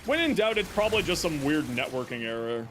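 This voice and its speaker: A man's voice: on the high side, big pitch swings, brisk, noisy background. A male streamer chatting casually to his viewers while playing, rambling and joking at his own expense. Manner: rambling, self-mocking, talks to chat. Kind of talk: casual gaming livestream chatter.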